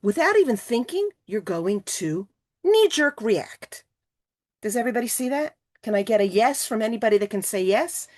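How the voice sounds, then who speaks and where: A woman gives a motivational talk to a virtual retreat, her voice sitting fairly high and leaping around with lively swings of pitch. She keeps coaxing her listeners with questions, and the sound has the feel of a video call. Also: moderate pace. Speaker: speaker presenting to a women's retreat.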